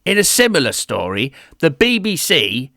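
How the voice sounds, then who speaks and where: A man's voice: on the high side, wildly swooping pitch, moderate pace, vocal fry, bright, forceful tone, no echo, clean studio sound. A man hosting a satirical comedy news monologue, cheeky and mock-outraged, bantering with an unseen sidekick.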